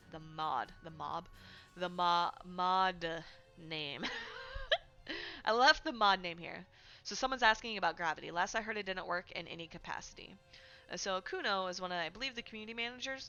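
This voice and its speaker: Woman streamer, chatty host, bright tone, faint music underneath. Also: on the low side. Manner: chatty, full of "like" and "right?". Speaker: livestream host. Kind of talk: casual game news chat. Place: home streaming setup.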